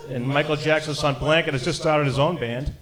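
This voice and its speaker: A man's voice: on the high side, fairly even intonation, a little fast. Wisecracking middle-aged man. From Boston area. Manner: punchy, wisecracking delivery with lots of "you know". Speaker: stand-up comedian. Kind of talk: stand-up set. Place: comedy club stage with a live audience. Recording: live club recording, loud crowd. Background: audience laughter.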